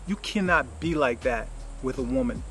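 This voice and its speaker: A man's voice: medium pitch, expressive, moderate pace, sharp tone, husky, rough recording. A man giving casual life advice in a rambling, reflective monologue with lots of fillers.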